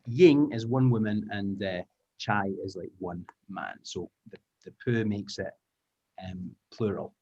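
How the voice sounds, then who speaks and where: A man's voice: on the low side, unhurried, lo-fi sound. Encouraging male teacher on a video call. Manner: lively, encouraging, explains patiently. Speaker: teacher trainer. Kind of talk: online language lesson.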